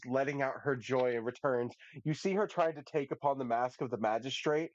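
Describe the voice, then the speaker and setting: A man who is game master, narrating a tabletop game in an unhurried, descriptive way. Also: mid-range voice, no echo. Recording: dull lo-fi dry sound.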